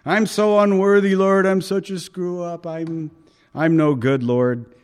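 A man's voice: high-pitched, fairly even intonation, unhurried, smooth, pitched above the performer's own voice. A man voicing a self-doubting male believer who pleads with God that he is unworthy. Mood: pleading.

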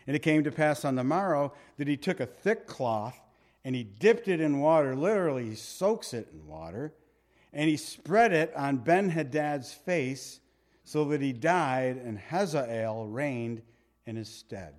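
A man preaching a verse-by-verse Bible sermon, retelling the story with animated, conversational storytelling and slowing down to read scripture aloud. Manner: animated storytelling, reads scripture slowly, drops low for emphasis. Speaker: pastor.

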